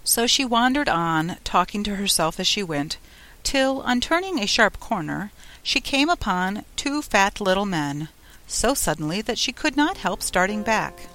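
A woman narrating a classic children's storybook in an expressive reading. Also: mid-range voice, a little slow. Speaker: audiobook narrator.

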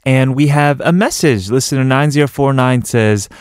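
A man's voice: mid-range voice, normal speed, darkish tone, smooth, no room sound, studio quality. A man co-hosting a radio show, reading listener messages and bantering casually. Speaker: radio co-host. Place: radio studio. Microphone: studio mic.

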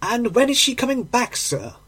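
A man's voice: very high-pitched, very animated, normal speed, a bit bright, husky, voice pushed up, exaggerated voice. A man voicing a chatty, deferential London landlady in a read-aloud story. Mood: eager. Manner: eager, deferential.

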